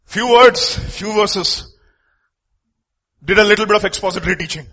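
A high-voiced man delivers a sermon. His voice is bright and a little husky, and it rises and falls widely as he presses each point. He drops to quiet asides between the loud, emphatic lines. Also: normal speed. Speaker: preacher.

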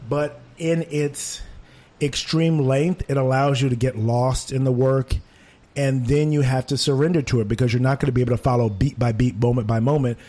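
A man in casual conversation, critiquing a theater production with animated asides. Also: mid-range voice. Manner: animated, mimics voices when quoting. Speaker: theater reviewer.

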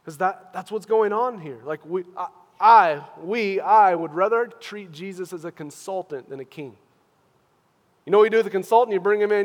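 A man preaching in an earnest, questioning way, his voice pitched high for a man. He drops to a hush, then pushes loud again, and long reverb trails behind each phrase as in a big church hall. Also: normal speed. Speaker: pastor. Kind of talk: sermon.

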